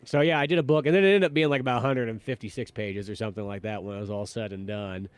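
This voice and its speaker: Male podcast co-host, quick and rambling, swears casually, dry close mic. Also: lowish voice, smooth, no echo. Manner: animated, swears casually, rambling with many fillers. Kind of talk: casual chat.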